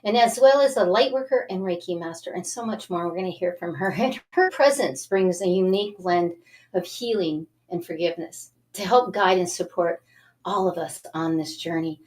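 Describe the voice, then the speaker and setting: A woman hosting a self-help TV show, talking in an animated, coaxing way as she leads viewers through breathing exercises. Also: fairly low pitch, moderate pace. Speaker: host.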